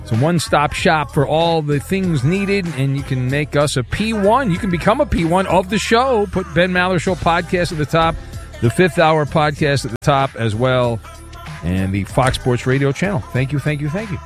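A man hosts a sports radio quiz from a studio, pitched a little high for a man. He moves quickly through clues and teases the players. Faint music sits underneath. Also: lively intonation. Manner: brisk, jokey, clue-reading. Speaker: radio show host.

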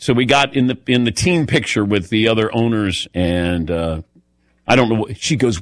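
A man's voice: medium pitch, moderate pace, dry recording. A man hosting a radio show, telling stories in a chatty way and calling on his co-hosts by name. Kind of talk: casual radio show chat.

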